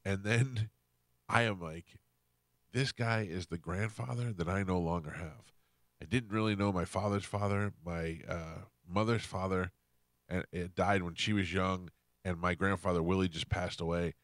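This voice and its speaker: A man hosting a radio show, telling a story in a casual, animated way and acting out what people said. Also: low-pitched, a little slow, no room sound, clean studio sound. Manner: animated, acts out quotes in shifting voices. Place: radio studio. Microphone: studio microphone.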